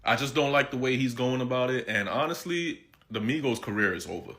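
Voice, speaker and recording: A man's voice: mid-range voice, fairly quick, a bit bright. A man giving casual commentary, amused and incredulous.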